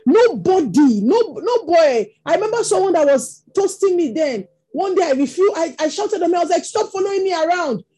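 Nigerian woman preacher, high mellow voice, animated storytelling sermon. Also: normal speed, hardly any pauses. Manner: storytelling, rising to impassioned exclamations.

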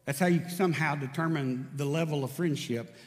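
This preacher's voice sits fairly high and moves a little fast, trailing a long reverb through the church sanctuary. During his sermon he spins stories and performs snippets of dialogue in a raised voice.

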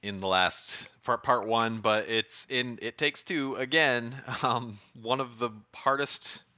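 A man's voice: mid-range voice, fairly even intonation, slow pace, bright, forceful tone, dry recording. A man co-hosting a casual podcast chat, telling a story with rambling restarts and frequent laughs. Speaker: podcast co-host.

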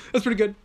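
A man hosting a podcast, playful and rambling, laughing often as he chats with his guest. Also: darkish tone. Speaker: podcast host. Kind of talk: casual chat.

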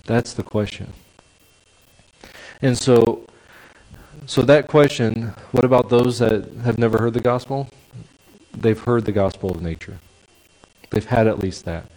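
A man preaching a sermon in a lively, conversational way, checking in with the congregation. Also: mid-range voice, low-quality recording. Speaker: pastor.

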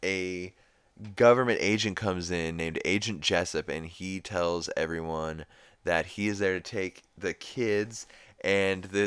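A man's voice: deep voice, measured pace, fairly bright tone, smooth, no room sound. A young man hosting a podcast, recapping a cartoon episode in a rambling, laid-back way with casual swearing. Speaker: podcast host.

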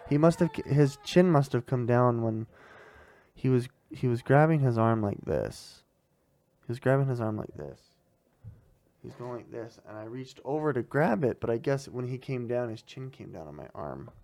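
Casting note: a mother questioning her kid, very low pitch, a bit of vocal fry, mellow tone, laughs easily. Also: lively intonation, moderate pace, dry recording. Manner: chatty, encouraging, laughs often. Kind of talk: casual family interview.

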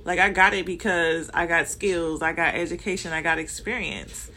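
Bright-voiced Southern Californian woman. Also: fairly low pitch, steady tone, normal speed, a little hiss or hum. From Compton, Los Angeles, United States. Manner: conversational, with frequent fillers and self-corrections. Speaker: manager sharing workplace experiences. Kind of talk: casual explanatory monologue.

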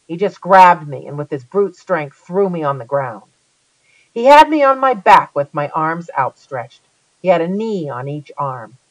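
An audiobook reader telling a first-person story with a lively, dramatic delivery. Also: medium pitch, dry recording, dull audio.

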